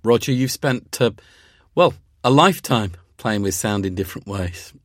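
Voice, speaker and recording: A man hosting an interview, asking the guests questions in a lively manner. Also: lowish voice, moderate pace, dry recording, clean studio sound.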